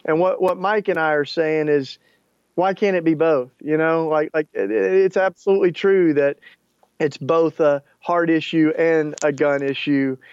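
An earnest male guest speaking in a fairly high voice, searching for words with frequent restarts. The recording is dull and lo-fi, dry with no room sound. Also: fairly even intonation, unhurried, a little mellow, smooth, no room sound. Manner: earnest, many restarts and fillers. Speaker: author and activist guest. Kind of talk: interview clip, casual explaining.

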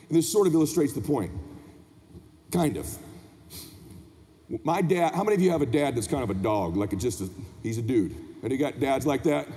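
A man's voice: medium pitch, warm tone. A man giving an impassioned motivational speech from a convention stage, pressing the crowd with questions. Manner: impassioned, preaching to the crowd, asks the room questions. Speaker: motivational speaker. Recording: long reverb of a convention hall.

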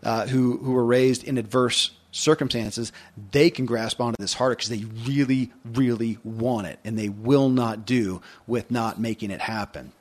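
A man's voice: medium pitch, steady tone, normal speed, slight background noise. Earnest man hosting a motivational podcast. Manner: earnest, emphatic, conversational. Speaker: podcast host. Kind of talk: motivational monologue.

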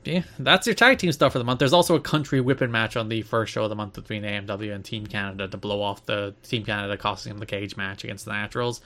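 A man's voice: lowish voice, steady tone, quick pace, few pauses, a bit bright. A man co-hosting a casual podcast, rambling and sarcastic, often breaking into laughter. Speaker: podcast co-host.

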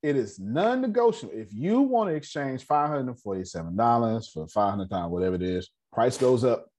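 A man holding forth at a business meeting, spinning motivational stories in relaxed slang. His voice is husky, and his pitch swoops up and down as he builds to each point, stumbling and repeating words on the way. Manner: repeats words, streetwise slang, dramatic pauses. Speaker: speaker leading a business meeting. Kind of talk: animated motivational storytelling.

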